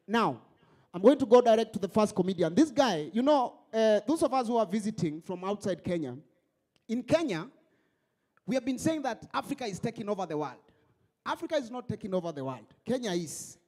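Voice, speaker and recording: A man hosting a stand-up comedy show on stage, animated and mixing English with Swahili. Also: high voice, a little fast.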